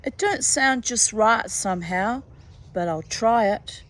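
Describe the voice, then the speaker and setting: A woman's voice: a little high, lively intonation, takes it slowly, fairly bright tone. A woman voicing a wily young country man who tries to trick a monster in a storybook reading, in a folksy, sly way. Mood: doubtful.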